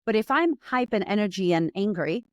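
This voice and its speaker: Woman guest, fast and lively talker who voices her own thoughts aloud; dry, close sound. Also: medium pitch, no echo. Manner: fast, impatient, acts out her inner voice. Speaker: podcast guest. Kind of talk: animated conversational storytelling.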